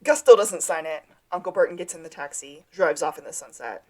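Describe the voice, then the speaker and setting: A woman co-hosting a podcast, casually recapping a TV episode and acting out its lines. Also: low voice. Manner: animated, acts out scenes with quick line readings. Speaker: podcast co-host.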